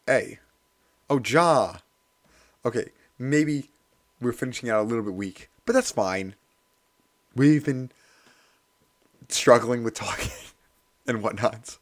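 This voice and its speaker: Hoarse man chatting on a stream. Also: medium pitch. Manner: chatty, self-deprecating, laughs often. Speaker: livestreamer. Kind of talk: casual study stream chat.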